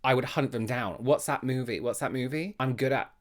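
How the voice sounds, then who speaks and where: A man hosting a reaction video, talking casually and with animated surprise straight to his viewers. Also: medium pitch, fairly quick. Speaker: reaction channel host.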